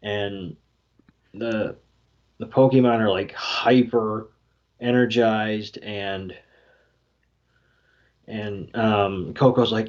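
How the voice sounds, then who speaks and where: Slow, low-voiced man recapping a movie. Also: flat delivery. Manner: slow, filler-heavy retelling with quoted lines. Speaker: podcast co-host. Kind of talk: casual podcast recap. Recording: dull lo-fi podcast audio.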